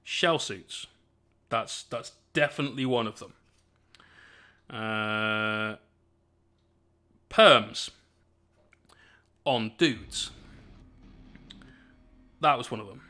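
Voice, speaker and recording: A man's voice: lowish voice, very slow, long pauses, bright, forceful tone. A man hosting a casual painting live stream, bantering with his chat and explaining each step as he works.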